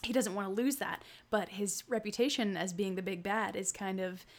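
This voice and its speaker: A woman's voice: medium pitch, steady tone, normal speed. A woman co-hosting a podcast, reading a book synopsis with flair and chatting about the plot, laughing easily. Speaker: podcast co-host. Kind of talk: casual book discussion.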